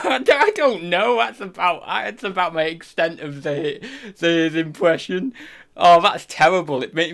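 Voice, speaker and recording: A man's voice: on the high side, a bit bright. A man hosting a live stream, chatting casually and rambling with self-deprecating asides. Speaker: livestream host.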